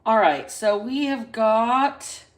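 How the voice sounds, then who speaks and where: A woman hosting a casual live-stream reading into a phone, chatty and salty, stretching out single words between quick asides. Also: a little high, expressive. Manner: chatty, drawls single words then talks fast. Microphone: phone camera.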